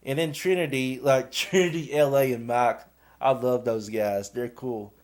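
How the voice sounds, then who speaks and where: A man's voice: mid-range voice, steady tone, unhurried, darkish tone. A young man, a college athlete, casually telling a story and rambling with lots of filler. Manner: rambling, fills with "and stuff".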